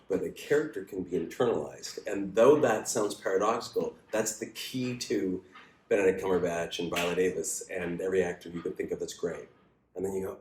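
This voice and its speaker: A man teaching an acting class in a casual, animated way, swearing freely and acting out the lines he quotes. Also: roomy sound, a little hiss or hum. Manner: animated, profane, acts out quoted lines with big pitch jumps.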